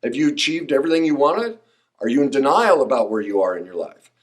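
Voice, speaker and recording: A man's voice: mid-range voice, fast talker. A middle-aged man hosting a podcast, talking emphatically and passionately, sometimes sounding preachy. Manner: emphatic, preachy, rising to excited outbursts. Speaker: podcast host. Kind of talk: passionate solo podcast monologue.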